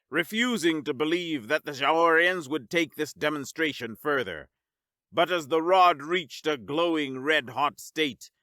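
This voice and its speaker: A man narrating a scripted science-fiction story in a measured storytelling manner. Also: medium pitch, pushed and bright, no echo, studio quality.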